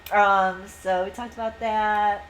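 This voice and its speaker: A woman's voice: medium pitch, flat delivery, slow, a crowd in the background, poor audio. A woman co-hosting a podcast, chatting casually and profanely about a book and acting out lines from it. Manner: profane, gushing, acts out quotes. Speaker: podcast co-host. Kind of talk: casual book review chat.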